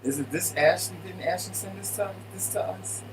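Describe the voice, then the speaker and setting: A man's voice: sits high, normal speed, noisy background. Guy co-hosting a livestream from his living room, playful and chatty, mic a bit far off. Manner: animated, playful greetings to viewers. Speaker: co-host of a live stream show. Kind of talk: casual live-stream chat.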